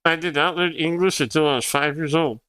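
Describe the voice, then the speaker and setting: A man's voice: fairly high pitch, steady tone, fairly quick, a bit bright, clean tone, no room sound. A young man whose first language is Spanish, chatting casually on a livestream, rambling and laughing often as he answers chat. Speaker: streamer.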